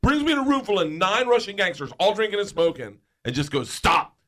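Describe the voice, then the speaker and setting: Fast-talking animated male storyteller. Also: high voice. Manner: animated, laughs through his own story. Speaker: guest storyteller. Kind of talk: comedic storytelling on a podcast.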